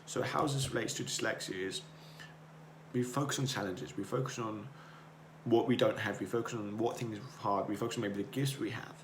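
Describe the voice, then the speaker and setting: A man's voice: lowish voice, a little fast. A man hosting a podcast, giving an earnest, rambling motivational monologue that repeats itself as he circles his points. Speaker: podcast host. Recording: roomy echo, faint noise.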